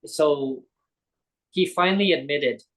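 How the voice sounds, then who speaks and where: A man telling a personal story on a talk show, animated and using lots of fillers. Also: a little high, slow pace, low-quality recording. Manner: animated, acts out quoted voices; many fillers like "like". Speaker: guest. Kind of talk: casual storytelling.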